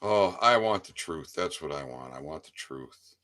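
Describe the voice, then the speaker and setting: A man's voice: a bass voice, lively intonation, normal speed, pushed and bright. A man giving a rambling casual monologue to his viewers, stammering over repeated words and swearing freely. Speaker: independent online commentator.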